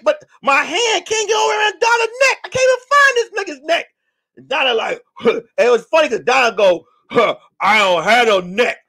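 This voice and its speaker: Loud animated man telling a comic story. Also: very high voice, creaky. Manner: loud, acts out voices, shouts and swears. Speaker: comedian podcast host.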